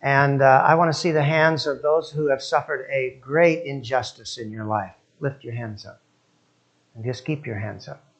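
An older man preaching a sermon, telling stories and leading prayer, moving between soft, hushed passages and loud, emphatic ones. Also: mid-range voice, normal speed.

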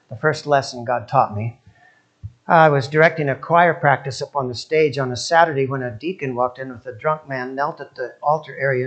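An older man preaching a sermon, telling stories and leading prayer, moving between soft, hushed passages and loud, emphatic ones. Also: medium pitch, dull audio.

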